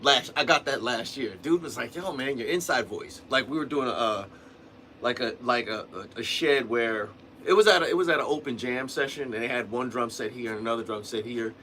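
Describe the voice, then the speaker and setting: Bright-voiced man, rambling casual talk. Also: medium pitch, fairly quick, a little hiss or hum. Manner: rambling, restarts sentences, says "man" and "you know". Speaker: drummer, livestream host. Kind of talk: casual livestream teaching talk.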